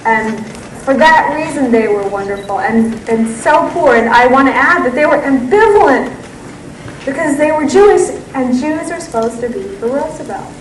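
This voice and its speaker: Animated woman author in echoey hall. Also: sits high, normal speed, recorded from a distance, a little hiss or hum. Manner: enthusiastic, animated storytelling. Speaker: author giving a lecture. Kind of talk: public talk and Q and A. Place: lecture room.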